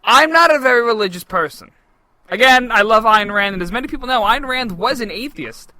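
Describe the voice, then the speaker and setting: A man's voice: very high voice, animated, pushed and bright, no room sound, rough recording. A young adult man co-hosting a political podcast, brash and joking in casual banter. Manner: brash, joking, quick talker. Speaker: podcast co-host.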